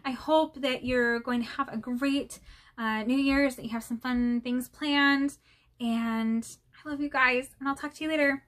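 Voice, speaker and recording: Give me a friendly woman reading a storybook aloud, a little hesitant, with a fairly high voice. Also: fairly even intonation, a little slow, a bit bright. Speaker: channel host reading aloud. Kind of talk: casual audiobook reading.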